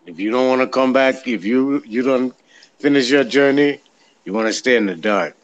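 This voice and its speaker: A man's voice: medium pitch, moderate pace, lo-fi sound. A man on a discussion panel making short, insistent interjections. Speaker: panel participant.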